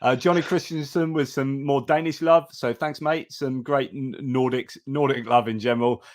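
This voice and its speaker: A man hosts a live news commentary in a loose, chatty way. He often restarts his sentences and drifts into asides, at a middling pitch. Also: steady tone, normal speed. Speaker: host.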